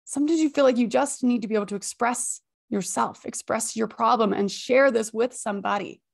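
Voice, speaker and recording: A woman hosting a healthy-habits podcast, giving expressive, high-energy motivational advice with emphatic repetition. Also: fairly quick, vocal fry. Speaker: podcast host and habits coach. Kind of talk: motivational self-help talk.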